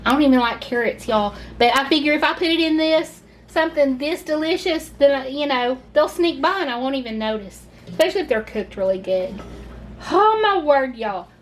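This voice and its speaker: She's a cooking channel host from the South, chattily gushing her way through the steps of a laid-back home cooking video and saying "y'all" often. The voice sits high and moves fairly quickly, with a faint hiss or hum behind it.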